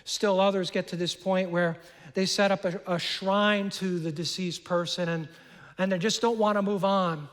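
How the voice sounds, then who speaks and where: High-voiced pastor in an echoing hall. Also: male voice, steady tone, normal speed, a bit bright. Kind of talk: sermon. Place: large church auditorium. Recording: long hall reverb.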